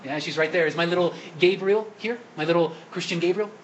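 A man's voice: high voice, brisk, muffled recording, slight background noise. Priest asking his congregation questions. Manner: asks the congregation questions and coaxes answers. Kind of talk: sermon at Mass. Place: church during Mass.

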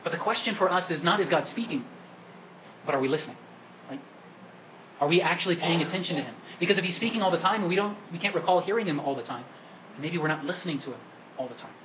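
A man's voice: a little high, lively intonation, fast talker, pauses often, a bit bright, a little hiss or hum, rough recording. A man preaching a sermon at Mass as the priest, asking the congregation questions and coaxing them to answer. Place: church during Mass.

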